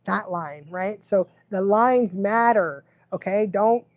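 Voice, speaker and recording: A woman's voice: medium pitch, takes it slowly, dry recording. Chatty woman dog trainer, dry sound. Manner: chatty, laughs often, keeps checking in with "right?". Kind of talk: casual live training Q&A.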